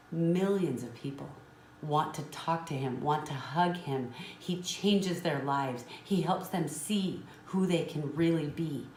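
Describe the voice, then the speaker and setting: A woman's voice: low-pitched, a little mellow. A woman business trainer telling a motivational story in an earnest, emotional way. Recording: roomy with faint noise.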